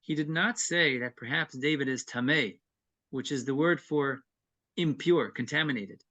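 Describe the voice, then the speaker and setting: Male scripture teacher with a bright, forceful tone who explains verse by verse. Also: mid-range voice, normal speed, dull audio. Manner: reads Hebrew verses then explains them; earnest and explanatory, with brief chuckles. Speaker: Torah class teacher. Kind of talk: evening text-study class.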